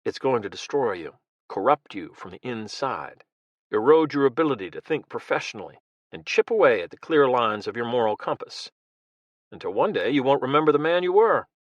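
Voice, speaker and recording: Man doing a blunt intense ex-marine, mid pitch, dry sound. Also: big pitch swings, brisk, no room sound, dull audio, close to an everyday voice. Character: intense American former Marine leader.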